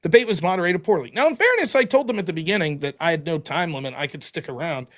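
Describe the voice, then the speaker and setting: Male streamer, high and animated, reading donations with blunt asides. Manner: quick, offhand thanks and blunt replies with swearing. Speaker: livestream host. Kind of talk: casual chat reading viewer donations.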